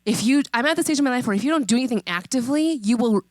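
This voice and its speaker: Higher-voiced woman preaching conversationally. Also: expressive, no echo. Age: 30s. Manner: conversational, emphatic, with repeated questions and slowed key phrases. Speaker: pastor. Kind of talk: sermon.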